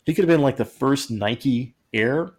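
A man's voice: medium pitch, moderate pace. A man co-hosting a podcast in casual, joking chat, rambling and acting out quotes in silly voices. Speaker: podcast co-host.

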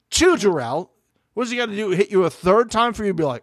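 Animated high-voiced man ranting. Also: fast talker, no echo, studio quality. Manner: animated, profane, acts out cast members in quoted voices. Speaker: podcast co-host. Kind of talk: casual reality TV recap chat.

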